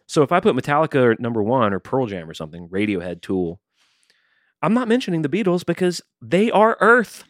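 A man's voice: mid-range voice, brisk, dry recording, clean studio sound. A man co-hosting a podcast in casual chat, reading listener emails and joking around animatedly. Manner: animated, puts on silly voices for jokes. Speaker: podcast co-host.

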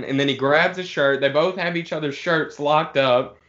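A man's voice: medium pitch, fairly even intonation, a bit bright, highs cut off. A man telling a rambling story to friends in a casual, swearing way. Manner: laid-back, swearing, drawn-out pauses.

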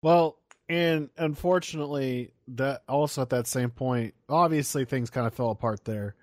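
A man's voice: mid-range voice, moderate pace, a little mellow, dry recording, clean studio sound. A young man co-hosting a casual podcast chat, ranting animatedly with swearing and mock quotes. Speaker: podcast co-host.

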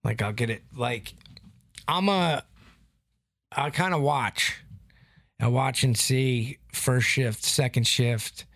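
Man, podcast co-host, gravelly voice, swears a lot, dry close sound. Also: medium pitch, takes it slowly, long pauses, no echo. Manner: profane, animated storytelling. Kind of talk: casual chat.

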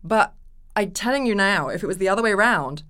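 An actress appears as a guest on a casual podcast interview, telling stories in a mid-range voice at a slightly fast pace. She's animated and acts out the voices of the people she quotes.

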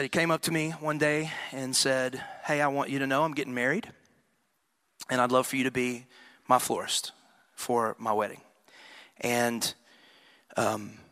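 A man's voice: medium pitch, pushed and bright, no echo. A middle-aged man preaching a sermon as pastor, telling a story and then building to impassioned emphasis. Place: church.

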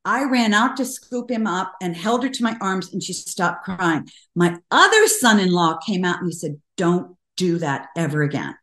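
A woman's voice: mid-range voice, lively intonation, normal speed, hardly any pauses, fairly bright tone. Older lady telling stories in an interview, earnest, kinda echoey room. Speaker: guest. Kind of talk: conversational interview. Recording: roomy echo.

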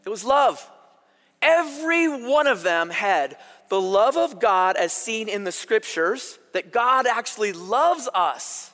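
A man preaching a sermon, telling stories in an animated, conversational way. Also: high-pitched, slow pace, hardly any pauses. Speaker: pastor. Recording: long hall reverb.

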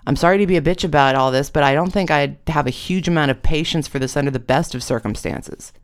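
A woman's voice: low voice, fast talker, smooth, lightly acted. A storyteller voicing a blunt, brash young woman on painkillers who talks in an exasperated way and swears a lot. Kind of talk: storytelling read-aloud.

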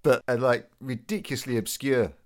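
A British man with a mid-range voice asks questions in a relaxed interview. He speaks thoughtfully, hesitating and repeating words as he works out what he means. The tone is conversational. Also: medium pitch, normal speed. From Britain. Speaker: podcast host. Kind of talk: casual interview.

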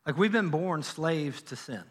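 A male pastor preaching a sermon in a church, telling a Bible story in a lively way and acting out the characters' lines. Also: a little high, unhurried. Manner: animated storytelling, acts out biblical dialogue. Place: church sanctuary.

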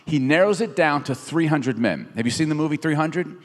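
A man's voice: on the high side, brisk. A man in his thirties preaching a casual, joking sermon, retelling a story in everyday words. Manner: conversational and animated, jokes with the audience. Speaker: pastor. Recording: reverberant hall from a distance.

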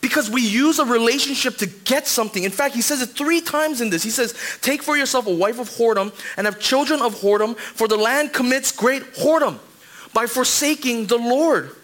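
Guy preaching a sermon in a church, high voice, chatty and animated, talks right to the congregation. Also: brisk. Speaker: pastor. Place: church sanctuary.

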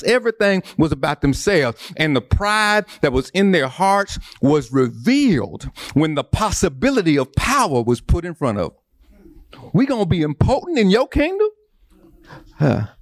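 A man's voice: fairly high pitch, no room sound, studio quality. A man preaching a sermon, repeating phrases and building emphasis. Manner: preaching with repetition and rising emphasis. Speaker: pastor.

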